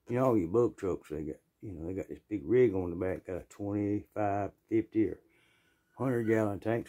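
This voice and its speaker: A Southern man spins a casual, rambling yarn in a plainspoken, folksy drawl. His voice sits a bit low and sounds mellow and relaxed, with frequent throat-clearing between phrases. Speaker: storyteller. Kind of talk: casual storytelling.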